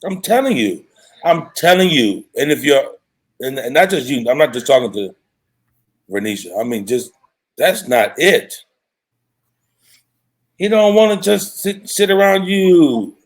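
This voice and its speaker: A man's voice: a little high, expressive. A man hosting a casual live show as a dating coach, talking frankly in a loose, rambling way and reading out viewer comments. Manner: loose and rambling, frank, quick asides and self-corrections.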